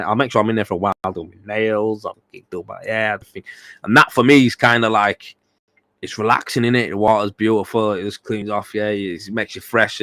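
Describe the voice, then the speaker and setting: A tired man chatting loosely on a livestream podcast, rambling and swearing as he goes. His voice sits fairly low, and the sound is close and dry, with no room around it. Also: fairly bright tone, no echo. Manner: blunt, swears freely, rambling with repeated fillers. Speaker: podcast host. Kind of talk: casual livestream chat.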